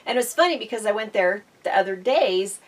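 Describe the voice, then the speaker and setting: A middle-aged woman chatting casually as a podcast co-host and spinning little stories with frequent laughs. Her voice sits at an ordinary pitch for a woman. She sounds a little distant from the mic. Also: animated, brisk. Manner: chatty storyteller, laughs often. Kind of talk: casual chat.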